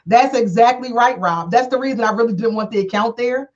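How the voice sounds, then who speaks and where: A woman hosting a talk show, telling a story casually with animated, acted-out dialogue and frequent laughter. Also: a little fast. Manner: animated, acts out quoted dialogue with big pitch jumps; laughs often while talking. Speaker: attorney and show host. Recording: dull lo-fi sound.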